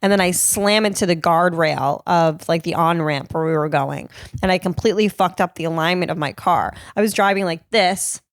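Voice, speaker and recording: Speaking at normal speed into a close mic, a Cape Cod, Massachusetts comedian shares casual stories on the podcast she hosts. She's an animated, profane storyteller who laughs often, and her voice sits on the low side. The recording is dry.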